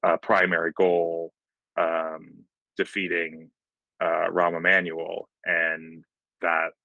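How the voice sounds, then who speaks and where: A male magazine editor answering as a guest in an interview, halting with many restarts. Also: sits low, monotone, sharp tone, no echo, muffled recording.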